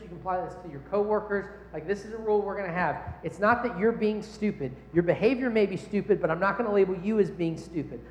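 A young adult man preaching a sermon in a lively, conversational way, with rhetorical questions to the crowd. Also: high voice, slight background noise. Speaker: pastor. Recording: echoey hall.

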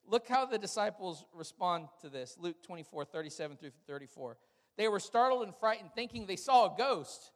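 A man with a fairly high voice delivers a sermon, telling stories with humor and lively animation. His words ring out with a long reverb, as if spoken in a large hall. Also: moderate pace. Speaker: pastor.

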